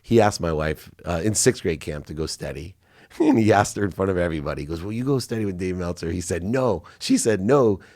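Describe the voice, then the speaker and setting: A man's voice: sits low, brisk, darkish tone, dry recording, studio quality. A middle-aged man, a podcast guest, telling candid personal stories with feeling, choking up at times.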